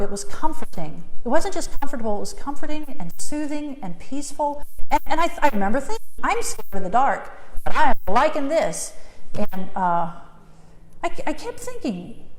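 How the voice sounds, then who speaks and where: A middle-aged woman with a fairly high voice gives a talk in a large hall, and her words ring on with a long reverb. She tells her story with lots of animation, swooping up and down and acting out her own thoughts. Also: slight background noise. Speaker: speaker sharing a near-death experience. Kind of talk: personal talk to an audience.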